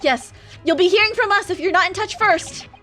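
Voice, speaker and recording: A woman's voice: very high voice, brisk, sharp tone, faint music behind. A woman streamer reading game dialogue aloud in a formal, old-fashioned manner. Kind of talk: live game read-along, casual chat.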